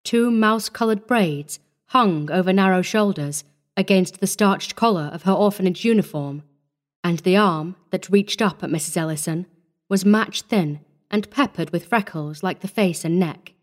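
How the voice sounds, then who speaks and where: A woman's voice: lowish voice, moderate pace. Woman narrating a classic tale. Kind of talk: scripted audiobook narration.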